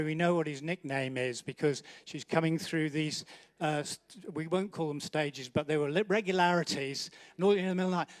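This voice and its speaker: A man's voice: on the high side, no echo. A man hosting an awards night, doing joking live banter as he walks between the banquet tables and teases guests by name. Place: large indoor banquet hall.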